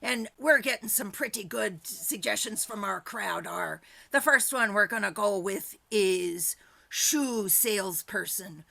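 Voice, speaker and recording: A woman's voice: medium pitch, a little slow, creaky, bright, forceful tone. A woman hosting an online improv show, chatty and jokey.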